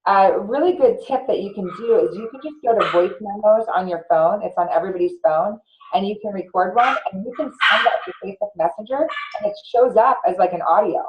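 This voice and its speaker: A woman's voice: mid-range voice, fairly quick, background noise. An earnest woman explains her tips step by step as a guest on a casual video chat. Her audio comes through slightly dull and muffled, and the room sounds echoey.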